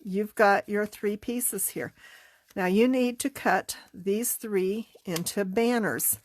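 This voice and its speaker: Congested middle-aged woman, unhurried and chatty, craft tutorial host. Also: medium pitch, no room sound. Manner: chatty, unhurried, talks while working. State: congested, sniffling. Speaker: card-making class teacher.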